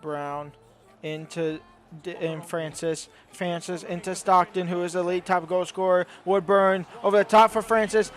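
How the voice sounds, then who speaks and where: High-voiced man calling a football game. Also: a little slow. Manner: excitable, rising to shouts at goals. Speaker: gaming YouTuber. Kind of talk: play-by-play game commentary.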